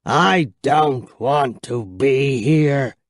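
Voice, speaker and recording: A man voicing a desperate old male vampire count who speaks slowly in a hoarse, rasping voice. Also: medium pitch, no room sound, clean studio sound. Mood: desperate menace. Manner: slow, pleading, menacing.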